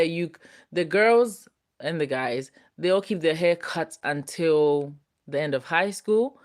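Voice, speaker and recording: Chatty young woman on a live stream. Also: low voice. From United Kingdom. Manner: chatty, relaxed, talks straight to viewers. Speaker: host reading viewer comments. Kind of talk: casual live-stream chat.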